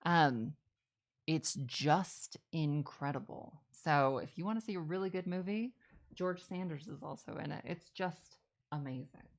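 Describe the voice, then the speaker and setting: Low, gravelly-voiced woman chatting. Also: unhurried, poor audio. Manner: chatty, rambling, self-correcting, enthusiastic about films. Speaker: live stream host answering viewer questions. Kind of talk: casual chat. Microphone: streaming setup while working on a craft.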